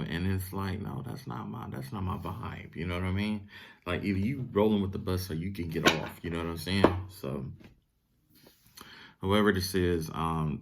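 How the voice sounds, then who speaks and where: Deep-voiced man giving a tarot reading. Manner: relaxed, rambling with frequent fillers. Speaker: tarot reader. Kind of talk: casual tarot reading vlog.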